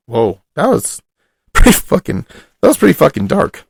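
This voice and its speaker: A man's voice: high voice, wildly swooping pitch, moderate pace, creaky, dry recording, clean studio sound. A man hosting a comedy podcast in offhand, joking chat with his co-host.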